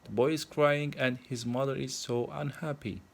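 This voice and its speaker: A man's voice: mid-range voice, fairly even intonation, normal speed, creaky, close to an everyday voice. A man voicing a sorrowful male statue prince in a plainly read storybook.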